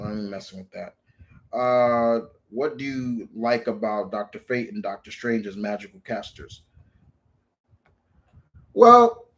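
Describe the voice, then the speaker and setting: A male live streamer with a slightly bright, mid-range voice riffs on comic book heroes and takes viewer questions. He cusses without restraint and often starts his sentences over.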